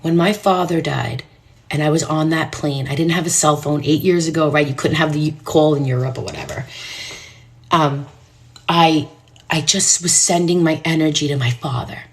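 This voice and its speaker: Low-voiced earnest woman storyteller. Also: moderate pace. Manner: intense, earnest, with soft whispered passages. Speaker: numerologist hosting a live stream. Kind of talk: emotional storytelling to live viewers.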